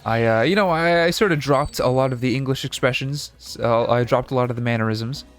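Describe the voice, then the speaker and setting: A man's voice: mid-range voice, fairly quick, faint music behind. A young man from Canada with a mild Canadian accent, casually rambling and self-correcting as he comments on a game he is playing. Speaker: gaming video host. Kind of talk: casual let's-play commentary.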